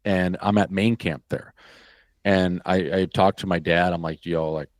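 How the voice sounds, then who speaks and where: A man from Wisconsin, a former hockey player, telling a story as a podcast guest in a casual, animated and profane way. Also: sits low, a little slow, no room sound.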